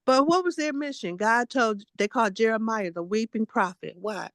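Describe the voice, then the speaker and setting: Woman, late sixties, blunt emphatic testimony, repetitive, fairly high pitch, dry recording. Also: moderate pace, a bit bright, no echo. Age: 60s. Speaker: guest spiritual teacher. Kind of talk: casual spiritual testimony.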